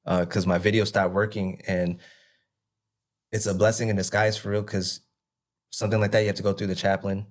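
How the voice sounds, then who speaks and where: As an interview guest, a man recounts his own hard past in what sounds like a relaxed personal testimony. His low voice barely shifts in pitch, and he tells it haltingly, looping back with "you know what I mean".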